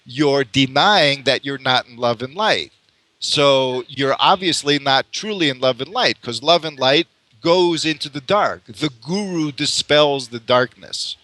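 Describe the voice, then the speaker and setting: A man's voice: medium pitch, a little slow, pushed and bright. A man in a casual conversation on mysticism, musing at length, restarting phrases and laughing often. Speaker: spiritual teacher in conversation.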